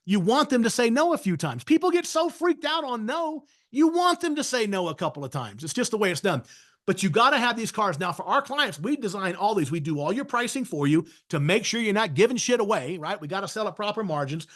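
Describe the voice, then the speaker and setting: A man's voice: high-pitched, sing-song, fairly quick, a bit bright. A man giving a sales training webinar, talking emphatically and often checking in with "right?". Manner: emphatic, frequently tags points with "right?". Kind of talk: webinar masterclass talk.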